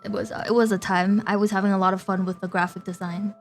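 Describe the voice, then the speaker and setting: A woman's voice: medium pitch, level tone, fast talker, faint music behind. A young woman VTuber streamer chatting casually with her viewers, giggly and talkative, often laughing between phrases.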